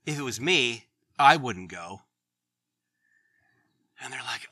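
Middle-aged male preacher, very bright tone, dry close sound, earnest and chatty. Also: medium pitch, lively intonation, moderate pace, long pauses, dry recording. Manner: conversational, earnest, laughs at his own stories. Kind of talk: sermon.

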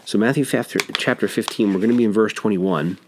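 A man's voice: fairly low pitch, fast, background noise. A man teaching through a Bible passage verse by verse in a conversational, explanatory way, with frequent restarts.

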